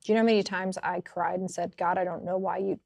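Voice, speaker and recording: Animated woman telling a faith story. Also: on the low side, fast talker, creaky, dry recording. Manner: animated storytelling, laughs often. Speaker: podcast co-host. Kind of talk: casual faith chat.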